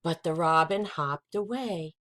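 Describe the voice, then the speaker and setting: A woman's voice: deep voice, a little slow, a bit bright. A woman hosting a children's storytime, reading a picture book aloud.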